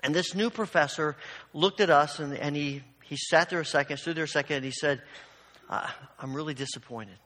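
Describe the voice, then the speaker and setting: A pastor with a slightly high, fairly bright voice speaks at a fairly quick clip, telling a personal story in his sermon before urging listeners on with mounting fervor. Long hall reverb colors the recording.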